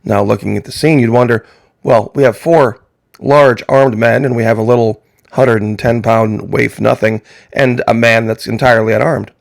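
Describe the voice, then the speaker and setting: A male commentator with a gravelly, fry-laden voice, recorded dry and close with no room sound. He delivers an opinion monologue, pressing his listeners with emphatic rhetorical questions. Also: mid-range voice, steady tone, normal speed, no room sound. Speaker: political commentator.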